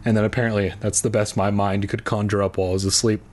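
A man's voice: on the low side, little pitch movement, fast talker, a little mellow. A tipsy man reading a children's book aloud and breaking off for crude, jokey asides. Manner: irreverent, jokey, swears freely. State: tipsy from drinking. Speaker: reader.

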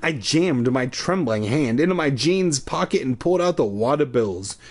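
Here a man with a mid-range, expressive voice reads at a moderate pace, turning a kids' horror book into a comedy read-aloud. Between sips of his drink, he interrupts the story with crude jokes that poke fun at it.

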